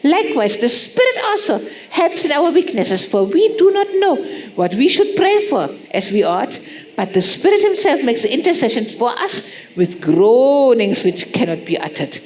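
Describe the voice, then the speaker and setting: A woman preaching a sermon, pressing points with repeated rhetorical questions and acting out soft prayers. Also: high-pitched, big pitch swings, normal speed. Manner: acts out prayers in soft pleading tones.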